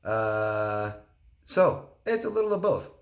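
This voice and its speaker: A man's voice: on the low side, big pitch swings, slow pace, roomy sound. A man, a relationship coach, answering viewer questions in a candid, plain-spoken way and acting out quotes. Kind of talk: solo Q&A talk to camera.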